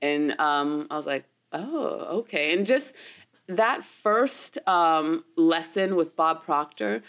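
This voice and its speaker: A woman's voice: low voice, takes it slowly, a bit bright, smooth. A woman from the United States, an actress, telling a story in a casual interview in a chatty way, with frequent laughs and many fillers.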